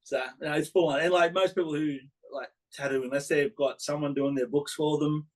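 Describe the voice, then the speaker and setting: An Australian tattoo artist chats casually in a fairly high, evenly pitched voice, talking briskly and rambling with lots of fillers and laughs. The rough recording picks up a dog barking in the background.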